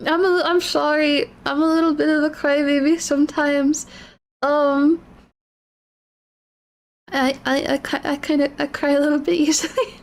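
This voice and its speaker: A woman's voice: high voice, fairly even intonation, moderate pace, a little mellow. A woman streamer in casual livestream chat, rambling and apologetic, emotional, often restarting her sentences.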